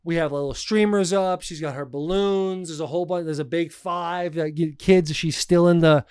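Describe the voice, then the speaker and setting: A man hosting a podcast, telling a family travel story in a loose, animated way and often calling people "dude". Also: on the high side, normal speed, smooth, dry recording, studio quality. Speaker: podcast host. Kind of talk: casual storytelling chat.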